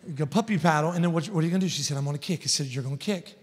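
Man, 30s, guest preacher; storytelling sermon with rising emphatic peaks, higher voice, reverberant sanctuary. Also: racing. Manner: storytelling, builds to loud emphatic points. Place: large church hall. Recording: long church hall reverb.

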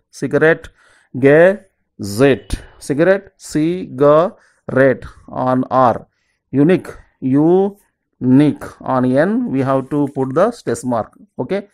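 A teacher talks a class through exam preparation at a middle pitch. The lesson moves in steady, repetitive drills, with each example word set apart slowly and lower before it is repeated. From southern India. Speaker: English teacher. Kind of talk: exam-prep grammar lesson.

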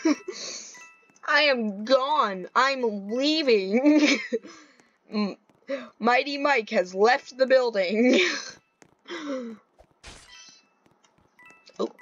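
A young woman giving casual gameplay commentary, excitable and giggly, swinging between panic and glee. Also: a little high, very slow, pauses often, highs cut off, faint music behind.

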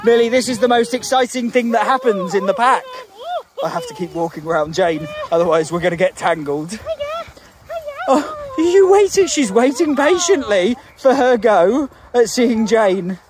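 Lively Glaswegian woman chatting outdoors. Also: normal speed, a crowd in the background. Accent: Glaswegian Scottish. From Glasgow, Scotland. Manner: chatty, switching to high sing-song baby talk with the dogs, laughing often. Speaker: professional dog walker. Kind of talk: casual vlog narration while walking dogs. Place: outdoors in open fields.

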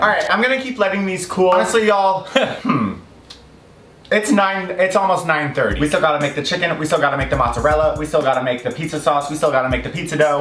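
A man's voice: on the high side, fairly bright tone, echoey room, slight background noise. A man chatting casually in a cooking vlog in his home kitchen, gushing and exclaiming constantly over the food. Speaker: food vlogger.

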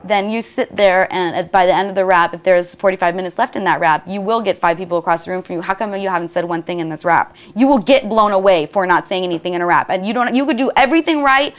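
A woman, a former student, telling her story in a documentary interview and acting out what other people said. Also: medium pitch. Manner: rapid, acts out other people's voices.

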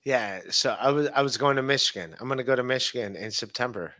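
Pushy bright-voiced young guy. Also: medium pitch, quick pace. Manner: pushy, swears casually, laughs between lines. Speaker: show regular. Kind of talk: casual live-stream banter.

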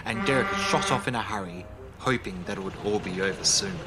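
A man reading a children's railway story as narrator, in a calm, even storybook manner. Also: on the low side, fairly quick, very noisy. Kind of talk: scripted narration. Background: music.

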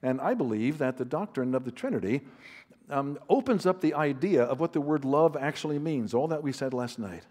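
A man's voice: medium pitch, lively intonation, a little fast, a little mellow. A man, a Christian author and counselor, giving a conversational teaching talk to a large live audience, mixing anecdotes with self-deprecating humor. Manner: conversational, with fillers and restarts.

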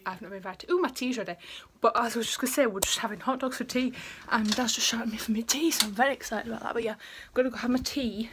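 A woman's voice: a little high, fast, few pauses, background noise. A young woman chatting in a casual home vlog, bubbly and rambling as she gushes over things. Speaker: vlogger. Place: family home, indoors.

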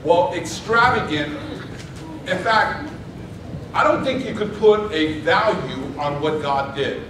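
A man's voice: a little high, slow, very echoey, far from the mic, noisy background. A man preaching a sermon to a congregation, stressing key words and calling for responses. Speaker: pastor. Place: church sanctuary.

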